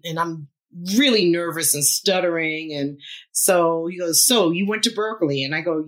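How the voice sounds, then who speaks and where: A woman's voice: deep voice, normal speed. A woman in her fifties, a musician guest, telling a story in a casual interview, laughing often and acting out the lines of other people. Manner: animated, laughs often, acts out quotes.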